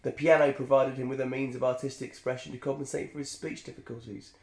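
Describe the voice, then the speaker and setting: A man's voice: medium pitch, little pitch movement, fast, gravelly, a little mellow, roomy sound. A man co-hosting a podcast, reading aloud in a jokey, digressive way and laughing often. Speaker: podcast co-host. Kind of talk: casual chat reading aloud.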